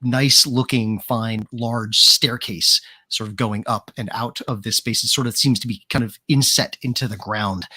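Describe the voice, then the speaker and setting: A man's voice: mid-range voice, sharp tone, dry recording. A man running a tabletop game as game master, describing scenes in a rambling way full of "sort of" and "kind of".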